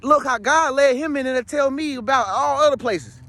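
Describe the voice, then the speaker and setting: In a very high, sharp-toned voice at a normal speed, a spiritual vlogger delivers a casual, rambling talk to his viewers, with no room sound. His manner is slangy and streetwise, emphatic throughout, and he keeps touching base with the listener.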